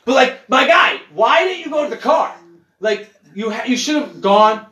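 A man chatting casually as a podcast host, animated and profane, often restarting his sentences. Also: extremely high pitch, normal speed. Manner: animated, swearing, restarts a lot. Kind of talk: casual chat. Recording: echoey room.

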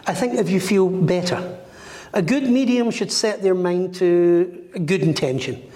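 Animated storytelling man in echoey room. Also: high voice, unhurried. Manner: animated storyteller acting out quoted voices. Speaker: medium. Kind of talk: storytelling interview chat. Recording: echoey room with long reverb.

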